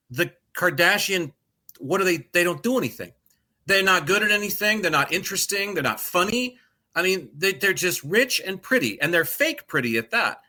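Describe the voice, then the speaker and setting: Middle-aged male podcast co-host, bright tone, profane and sarcastic ranter. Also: sits high, animated, moderate pace. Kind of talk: casual chat.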